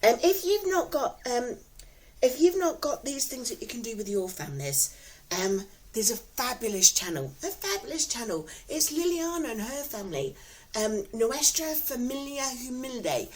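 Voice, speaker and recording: On a rough recording, a vlogger with a Nottingham English accent speaks at a moderate pace in a sing-song voice on the high side. She's at home, warmly telling her viewers rambling stories, giggling and repeating herself in a chatty, casual way.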